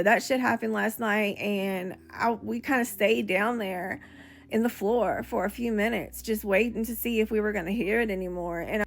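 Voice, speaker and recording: A woman's voice: medium pitch, creaky. A young woman, chatting casually to her viewers in a rambling way, with lots of "like" fillers and casual swearing. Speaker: vlogger. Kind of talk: casual chat to camera.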